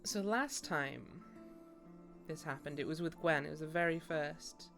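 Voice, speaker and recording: A woman with a lowish voice chats playfully while she streams a game, joking and laughing often. Faint game music plays beneath her talk. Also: measured pace, gravelly, a bit bright. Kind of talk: casual gameplay commentary.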